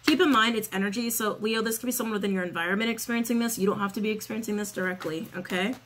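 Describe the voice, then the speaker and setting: A woman's voice: medium pitch, steady tone, rapid-fire, a bit bright, a little hiss or hum. A woman giving a casual spoken tarot reading, chatty and sassy, swearing freely and repeating her phrases. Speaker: tarot reader.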